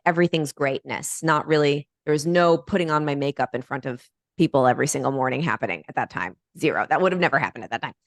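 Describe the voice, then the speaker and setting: Low-voiced woman telling a story, dry sound. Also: no room sound. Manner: animated, lively storytelling. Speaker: podcast guest, author. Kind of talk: storytelling in conversation.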